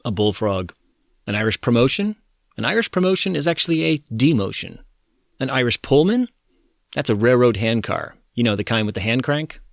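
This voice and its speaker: A man's voice: mid-range voice, expressive, normal speed, creaky, no room sound, studio quality. A man hosting a history podcast, reading his script in a wry, conversational storytelling manner.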